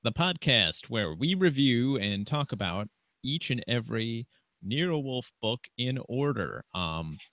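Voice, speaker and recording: Rich: A man with a bright, mid-pitched voice hosts a book podcast. He talks in an easygoing, casual way, with small hesitations between his thoughts. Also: a little slow, no room sound, clean studio sound. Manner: relaxed and easygoing, with light hesitations. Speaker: podcast host. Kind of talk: casual book review chat.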